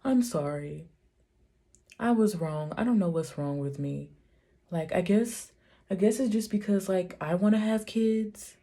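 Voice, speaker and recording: A woman voicing a sheepish, apologetic young man in a halting, hesitant way, inside her storytime vlog. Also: medium pitch, warm tone.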